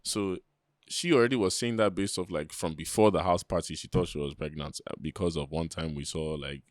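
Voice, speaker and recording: Animated young man. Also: low voice, fairly quick, no echo, clean studio sound. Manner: animated storyteller, slangy, acts out quoted voices. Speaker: podcast co-host. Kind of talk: casual storytelling chat.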